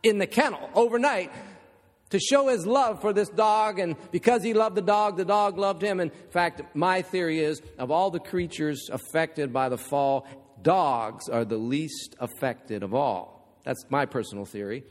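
A man's voice: fairly high pitch, measured pace. A man preaching a sermon, telling a story with rhetorical questions and humorous asides. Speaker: pastor. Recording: long reverb of a large hall.

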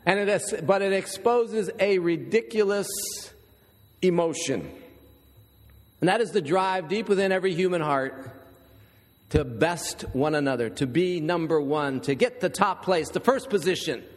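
A man with a high voice preaches a sermon in a church. He reads scripture, then turns to casual stories and asides to the congregation. His voice rings with the long reverb of a large hall. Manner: storytelling, conversational asides to the congregation. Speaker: pastor.

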